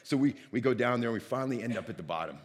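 Animated preacher in a reverberant hall. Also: male voice, medium pitch, rapid-fire. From Northeast Ohio, United States. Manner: animated storyteller acting out dialogue. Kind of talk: sermon with a personal story.

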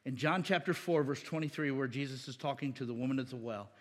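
A man's voice: mid-range voice, fast, big-room sound. A man preaching a sermon as a pastor, conversational and emphatic, with frequent restarts and rising bursts of emphasis.

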